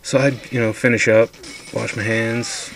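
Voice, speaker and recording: A man's voice: medium pitch, little pitch movement, normal speed, gravelly, fairly bright tone, a little hiss or hum. A man casually telling a drunken ghost story, rambling and swearing a lot.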